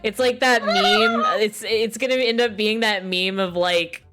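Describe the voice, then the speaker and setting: A woman's voice: medium pitch, fairly even intonation, unhurried, fairly bright tone. A woman streamer chatting casually about a game, rambling and giggling, with many restarts.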